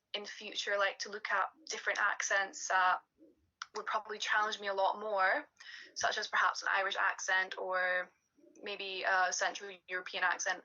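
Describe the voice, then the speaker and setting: A woman's voice: mid-range voice, bright, forceful tone, dull audio. A young woman, a drama student, giving a plain, reflective spoken evaluation of her course over slides, recorded on a computer mic. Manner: plain, reflective, self-assessing.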